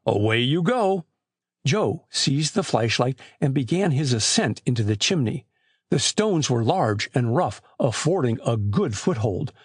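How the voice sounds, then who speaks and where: A man narrating an audiobook with expressive, scripted storytelling on a close mic. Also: medium pitch, husky, dry recording.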